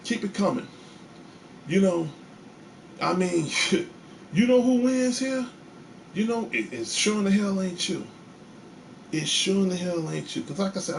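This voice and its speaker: Man from Chicago, fairly high voice, gravelly, angry and defiant, profane livestream rant from a bedroom. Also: expressive, measured pace, long pauses, slight background noise. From Chicago, USA. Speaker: live show host.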